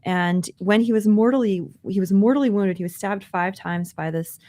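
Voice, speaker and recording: A woman's voice: mid-range voice, moderate pace, warm tone. A woman co-hosting a podcast, earnestly recounting a news story in conversational commentary. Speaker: podcast co-host.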